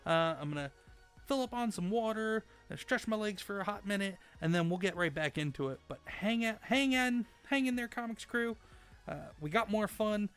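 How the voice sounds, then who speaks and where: Excitable male streamer, high and bright, cheering on teammates live. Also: normal speed, clean tone, faint music behind. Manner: excitable, cheers on teammates, repeats words when flustered. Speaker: streamer host. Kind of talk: live gameplay commentary and chat reading.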